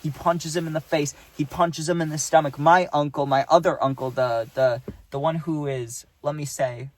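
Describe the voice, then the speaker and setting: A young man casually telling a storytime, rambling and dropping "right?" and "dude" as he goes, acting out quotes in animated voices. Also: a little high, moderate pace, dry recording.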